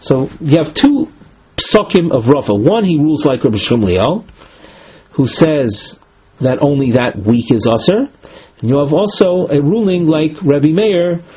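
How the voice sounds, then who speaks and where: Reading and translating a Talmud passage line by line, this man speaks in a slightly high, husky voice, slow and measured, with occasional self-corrections. It comes through as a muffled, lo-fi recording of a class.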